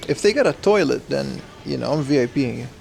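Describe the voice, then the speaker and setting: A man's voice: mid-range voice, lively intonation, a little fast, vocal fry, darkish tone, slight background noise. A man casually chatting on a livestream as he browses a secondhand shop, slangy and talkative, answering his chat.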